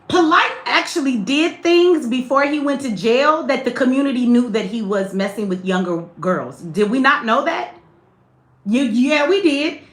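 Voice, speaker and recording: A livestream host with a high-pitched, fairly bright voice talks straight to her chat in an echoey room. Her commentary is blunt and full of profanity.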